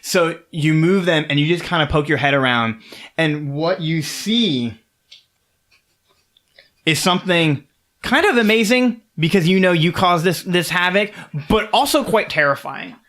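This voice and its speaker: A man's voice: a little high, measured pace, fairly bright tone. A man narrating a tabletop game as game master, casual and rambling with many fillers.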